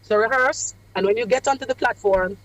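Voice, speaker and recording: A woman, a radio guest coaching on public speaking in a measured, emphatic cadence with deliberate pauses. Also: a little high, dry recording, rough recording. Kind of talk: radio interview advice. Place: away from the studio.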